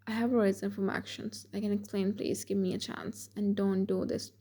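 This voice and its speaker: A woman voicing a cold young man who pleads softly and apologizes. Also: mid-range voice, level tone, a little fast, slightly rough, natural voice. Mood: pleading.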